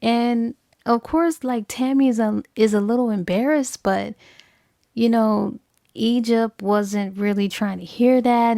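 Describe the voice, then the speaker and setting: A woman's voice: on the high side, takes it slowly, gravelly, dark tone, no room sound, clean studio sound. A woman casually retelling a novel's plot in a chatty, filler-heavy book review.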